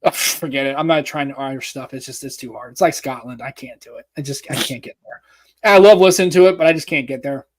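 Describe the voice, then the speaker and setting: A man's voice: medium pitch, fast talker. An American man co-hosting a tech podcast, chatting loosely and joking, with plenty of swearing. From United States. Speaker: podcast co-host. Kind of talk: casual podcast chat.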